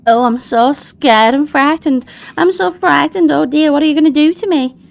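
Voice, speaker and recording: Creepy female doll voiced by a woman, sarcastic, sing-song, high and bright. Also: very animated, moderate pace, exaggerated voice. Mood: mocking. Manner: mocking, sing-song fake fear.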